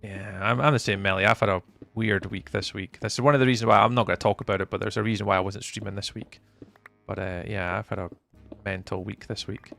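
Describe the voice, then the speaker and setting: A man livestreaming a game, casually reading his chat aloud and chatting back, with sudden excited bursts. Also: fairly low pitch, fast talker, vocal fry, faint music behind.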